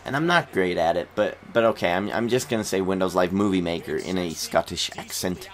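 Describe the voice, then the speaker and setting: A man's voice: sits low, brisk. A man giving rambling, chatty commentary over footage of his wrestling game, self-deprecating as he talks. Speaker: wrestling game video creator. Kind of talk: casual commentary over gameplay.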